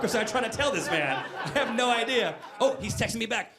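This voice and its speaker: A man in his forties tells stand-up stories on a brewery stage, his voice sitting notably high. He acts out both sides of every conversation, jumping between voices mid-story. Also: expressive, fairly quick, hardly any pauses, background noise. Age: 40s. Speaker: stand-up comedian. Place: brewery stage before a live audience.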